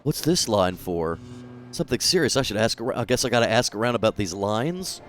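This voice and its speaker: A man voicing a stoic, gruff brawler as he reads game dialogue aloud in a low, clipped, deadpan way. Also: fairly quick, slight background noise.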